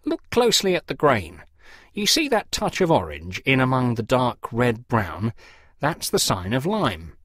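A man's voice: medium pitch, wildly swooping pitch, unhurried, a bit bright, no room sound, studio quality, full character voice. A man voicing a fussy, pompous middle-aged clergyman who lectures in a precise, theatrical way. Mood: lecturing.

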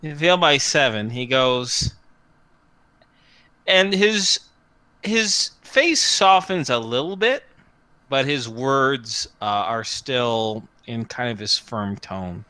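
A game master narrating a tabletop game in an amused, halting way, with a bright, lively voice. The recording is dry and close. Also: mid-range voice, no echo.

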